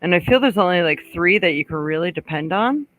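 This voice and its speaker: A woman's voice: lowish voice, expressive, a little fast, fairly bright tone, rough recording. A woman psychic hosting a live stream, chatting casually with viewers and passing on messages she says come from spirit. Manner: frequent throat clearing and small laughs. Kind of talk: casual live-stream chat and card reading.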